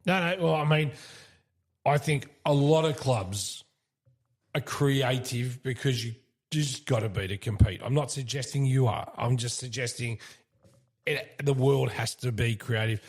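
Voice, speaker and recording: This is a chatty man hosting a local footy talk show. He rambles from point to point in an easy, joking way, at an ordinary pitch. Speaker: podcast host. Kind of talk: casual sports chat.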